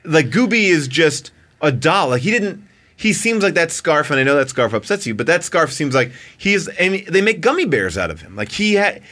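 A man chatting casually about a film with his co-hosts. His voice is bright and forward, and his pitch swings widely as he jokes and cuts in. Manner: lively, joking, quick to interrupt. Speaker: podcast co-host. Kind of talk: casual movie-review chat.

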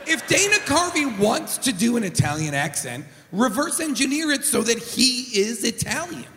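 A man co-hosting a casual comedy chat, animated and laughing, with occasional swearing. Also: very high-pitched, moderate pace, a little hiss or hum. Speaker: podcast co-host. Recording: echoey room with long reverb.

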